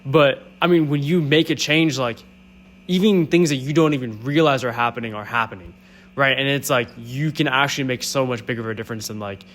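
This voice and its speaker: A man's voice: mid-range voice, brisk, fairly bright tone, a little hiss or hum. A man interviewing a guest in a casual, filler-heavy way.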